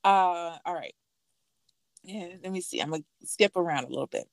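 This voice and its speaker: A woman's voice: lowish voice, moderate pace, no room sound. A woman hosting a casual chat, playful and teasing, reading out lines with a laugh. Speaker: host.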